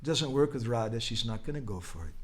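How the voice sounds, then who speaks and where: Animated male devotional speaker. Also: medium pitch, a little fast, a little hiss or hum. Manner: animated storytelling, drops to whispers, bursts into chanting. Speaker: spiritual teacher. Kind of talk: devotional talk with storytelling.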